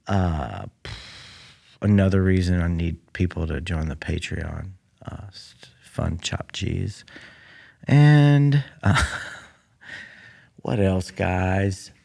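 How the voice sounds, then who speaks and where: A man's voice: deep voice, creaky, a little mellow. A man hosting his own podcast alone in a library room, rambling dryly with lots of fillers into a mic that picks up the room. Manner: rambling, dry, many fillers. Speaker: podcast host. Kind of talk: casual comedic monologue. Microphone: studio mic that picks up the room.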